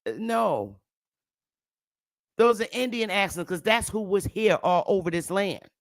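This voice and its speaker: A woman's voice: medium pitch, animated, measured pace, no echo, studio quality. A woman giving a casual, emphatic lecture to camera, with repetitive, preachy asides. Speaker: self-styled history teacher.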